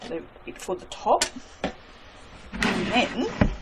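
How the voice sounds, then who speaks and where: A woman's voice: mid-range voice, big pitch swings, very slow, very noisy. A woman chatting casually to her viewers while making soap, self-mocking and talking to herself as she works. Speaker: soap maker.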